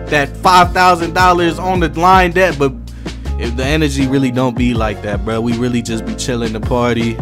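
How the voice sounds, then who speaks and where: Brief: laid-back slangy gaming streamer, slightly raised pitch, music playing loud under him. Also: male voice, moderate pace. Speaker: gaming YouTuber. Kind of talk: casual vlog talk to viewers. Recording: voice over loud background music.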